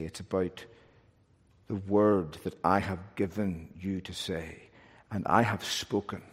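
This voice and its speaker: A male pastor preaching an earnest, animated sermon from the pulpit, with touches of self-deprecating humor. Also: on the low side. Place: church sanctuary, pulpit. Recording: long church reverb.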